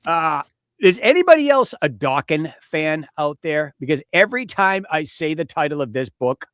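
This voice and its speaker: A man's voice: fairly high pitch, very animated, moderate pace, a bit bright, clear, resonant tone, dry recording, clean studio sound. A middle-aged man hosting a podcast, talking casually and rambling, swearing and joking at his own expense. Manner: rambling, profane, self-deprecating. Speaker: podcast host. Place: home studio with a close mic.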